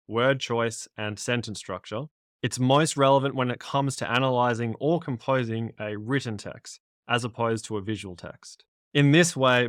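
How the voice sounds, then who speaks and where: A man's voice: medium pitch, fairly bright tone, no room sound, clean studio sound. Methodical man teaching a lesson. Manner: methodical, recaps and signposts each step. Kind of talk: lesson explaining exam concepts.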